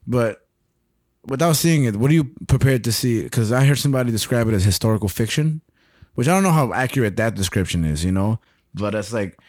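A man's voice: mid-range voice, darkish tone, no echo, clean studio sound. A young man co-hosting a podcast in casual chat, laid-back and rambling, laughing often. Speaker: podcast co-host.

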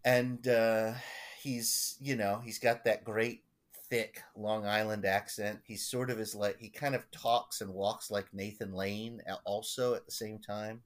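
A man, a pastor, telling stories in a casual podcast chat, halting and rambling with many restarts. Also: fairly low pitch, flat delivery.

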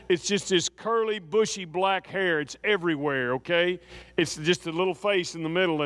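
A middle-aged man from Texas spins a folksy anecdote, his voice sitting a bit high for a man. He acts out the other people's voices and keeps checking in with the listener. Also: a bit bright. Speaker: storyteller. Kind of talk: anecdotal storytelling.

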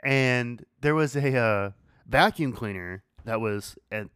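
A man's voice: mid-range voice, slow, a bit bright, clear, resonant tone, no room sound, studio quality. A man hosting a podcast, casually telling a story, swearing freely and laughing as he goes. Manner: laid-back, swears freely, laughs through his story. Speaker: podcast host.

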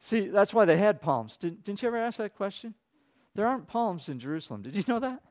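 A man with a fairly high voice preaching a sermon to his congregation. He tells the story in a loose, conversational way, fires off rhetorical questions, and swings from loud, excited preaching to soft, quiet asides. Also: brisk. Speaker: pastor.

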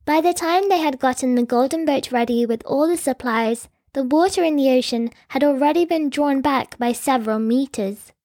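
A woman's voice: sits high, normal speed, hardly any pauses, darkish tone, no room sound, studio quality. A woman telling a historical story in scripted narration with lightly wry asides.

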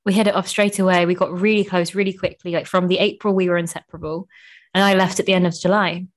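A woman's voice: fairly low pitch, level tone, fast talker. A young woman hosting a podcast, chatting casually and emotionally with lots of "like". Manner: gushing, emotional, heavy use of "like". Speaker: podcast host. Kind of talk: casual chat.

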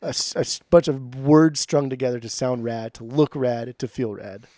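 A man co-hosting a casual music podcast, animated and jokey, cursing freely. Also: medium pitch, normal speed, no room sound, studio quality. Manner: animated, jokey, swears often. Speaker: podcast co-host.

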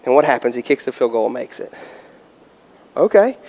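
A man preaching a sermon, telling a story in an animated way with many fillers before turning to scripture. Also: medium pitch, fairly quick. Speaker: pastor. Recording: long hall reverb.

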